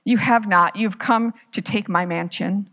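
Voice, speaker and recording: A woman voicing a stubborn, defensive brother who shouts at a visitor to go away. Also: mid-range voice, measured pace. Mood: hostile. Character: stubborn, hostile brother defending his hut.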